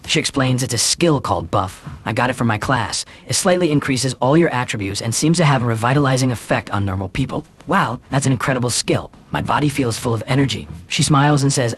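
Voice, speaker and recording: A man narrating a comic story recap in a rushed, even delivery, reading all the dialogue himself. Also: medium pitch, breathy edge.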